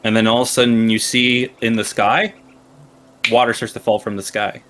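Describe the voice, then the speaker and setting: A man's voice: medium pitch, level tone, moderate pace, a bit bright, a little hiss or hum. A man running a tabletop game as game master, narrating playfully and laughing often.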